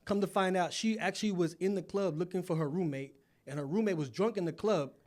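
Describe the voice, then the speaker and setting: A man in his forties from Florida, a guest telling relaxed, laughing anecdotes in casual chat. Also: high-pitched, fast talker. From Florida, USA. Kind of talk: casual storytelling.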